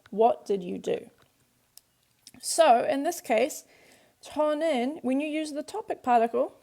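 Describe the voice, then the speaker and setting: A woman's voice: on the high side, vocal fry, a little mellow. A woman teaching a Korean grammar lesson, patiently explaining each point step by step with simple examples.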